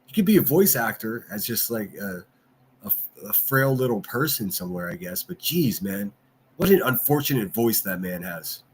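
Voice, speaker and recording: A man's voice: fairly low pitch, sing-song, normal speed, a little hiss or hum. A man hosting a livestream, ranting and mocking in casual commentary and answering his chat. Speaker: livestream host.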